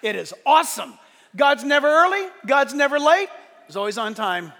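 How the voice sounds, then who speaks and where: A pastor preaches with a lively, animated delivery, briefly acting out the voices he quotes. His voice sits very high and rings bright and forceful. It carries through a large hall with a long, trailing reverb. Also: normal speed. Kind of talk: sermon.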